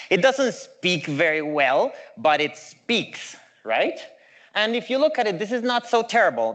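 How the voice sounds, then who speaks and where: A middle-aged man giving a conversational, animated conference talk with playful asides. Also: a little high. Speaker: conference speaker.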